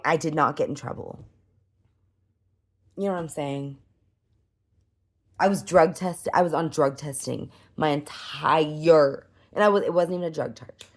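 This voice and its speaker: A woman in her thirties talking in a casual personal vlog, rambling with many restarts and fillers, emotional and easily worked up. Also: low-pitched. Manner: rambling, restarts often, lots of "like" and "you know". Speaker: vlogger.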